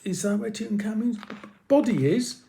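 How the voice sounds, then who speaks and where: A man voicing a nervous young girl adventurer in a storybook reading, with a high, squealing manner. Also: normal speed, gravelly, mellow, a little hiss or hum.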